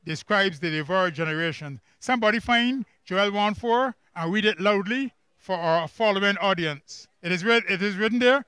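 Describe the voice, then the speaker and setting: Barbadian male Bible teacher, high crisp voice, drills the class with questions, dry close sound. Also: sharp tone, no echo. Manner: quizzes the class with quick questions and emphatic repeats. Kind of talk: church camp workbook lesson. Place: camp classroom.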